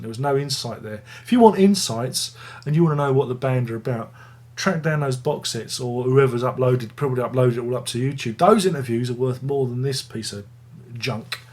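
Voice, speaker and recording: A man hosting a casual music review video, rambling and joking at his own expense. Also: medium pitch. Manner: rambling, jokey, self-mocking.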